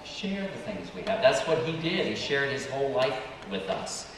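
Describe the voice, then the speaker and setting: A priest gives a children's sermon in a church. He talks with a lively, rising and falling pitch. He puts gentle questions to the children and waits for their replies, and his voice carries a long, echoing reverb from a distant mic. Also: normal speed, crowd noise. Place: church sanctuary. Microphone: distant room mic. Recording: echoey church hall, distant mic, background noise.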